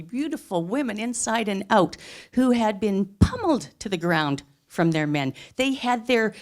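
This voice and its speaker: A middle-aged woman telling a personal story live on a theatre stage, earnest and emphatic. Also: medium pitch. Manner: earnest, emphatic, plain-spoken.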